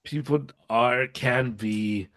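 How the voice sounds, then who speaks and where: A man's voice: medium pitch, slow, a bit bright. A man co-hosting a podcast, talking in a reflective way in casual chat. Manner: reflective, with short agreeing replies. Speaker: podcast co-host.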